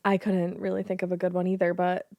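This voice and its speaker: A podcast co-host, a woman with a fairly low speaking voice. She chats loosely and drops dry, profane asides. The recording is close and dry. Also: completely flat delivery, quick pace, creaky, mellow, no room sound. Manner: wry, profane side comments. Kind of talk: casual chat.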